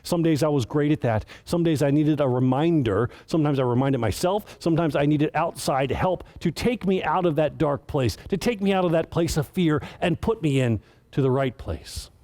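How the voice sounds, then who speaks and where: A man's voice: on the high side, moderate pace, darkish tone. A man giving a casual, earnest sermon as director of children's ministry, stumbling and restarting as he tells the story.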